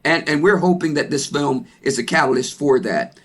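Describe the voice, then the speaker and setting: A man speaking as a panel guest on a video call, loud and excited, often repeating words as he builds momentum. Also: a little high, normal speed, husky.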